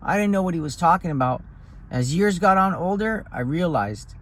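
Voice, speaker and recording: A man's voice: high-pitched, animated, normal speed. A man talking in a blunt, profane, rambling way in a casual vlog, recorded outdoors on a hill. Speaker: vlogger.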